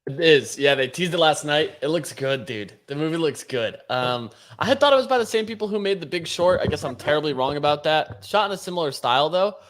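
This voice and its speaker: A man co-hosting a podcast in casual chat, excitable and slangy, saying "dude" a lot. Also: fairly high pitch, a little fast, few pauses. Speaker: podcast co-host.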